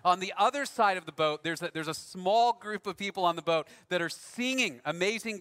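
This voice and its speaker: Male pastor, conversational storyteller; high pitch, sharp timbre, big reverberant room. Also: brisk, few pauses. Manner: conversational, self-deprecating storyteller. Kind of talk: sermon with a personal story.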